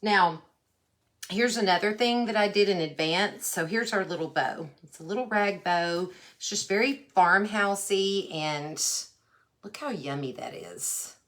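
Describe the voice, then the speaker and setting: With a mid-range voice and a slightly slow delivery, a Texas-accented woman hosts an easygoing craft livestream. She's friendly and folksy, calling out viewers by name with warmth while she crafts.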